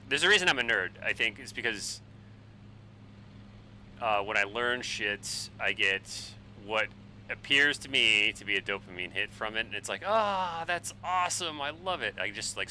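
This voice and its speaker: A man in his forties, a bit tipsy on wine, rambling and swearing excitably while chatting on a flight sim live stream. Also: on the low side, brisk, a little hiss or hum, low-quality recording. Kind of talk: casual live-stream chat while flying.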